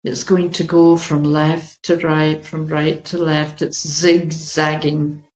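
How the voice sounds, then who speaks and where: A woman leading a guided meditation in a gentle, flowing way, with long pauses. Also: deep voice, level tone. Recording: dull, echoey room recording.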